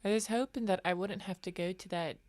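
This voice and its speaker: A woman's voice: medium pitch, fairly quick, a little mellow, dry recording. A woman playing her character in a tabletop game with plain, matter-of-fact replies. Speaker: player.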